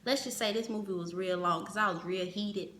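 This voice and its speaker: A woman telling a personal story in casual vlog fashion, animated, acting out the other people's lines as she goes. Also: medium pitch, fairly quick, a little hiss or hum. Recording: roomy echo.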